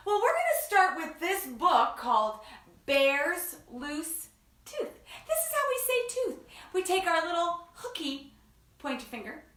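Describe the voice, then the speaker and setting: Playful story-time woman, high and roomy. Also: bright, forceful tone, far from the mic. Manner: playful, bubbly, talks to young children. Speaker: children's story time host.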